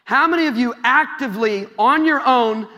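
A man's voice: very high voice, normal speed, pushed and bright, dull audio. A young man from Iowa preaching a sermon to a youth crowd in a large church hall, telling stories and addressing the audience directly. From Iowa, USA. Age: young adult. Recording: long hall reverb.

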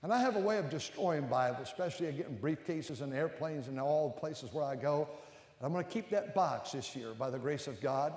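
An older man preaching a sermon as a pastor. He climbs to loud, emphatic peaks and then drops low and close. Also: lively intonation, fairly quick. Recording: echoey hall with long reverb.

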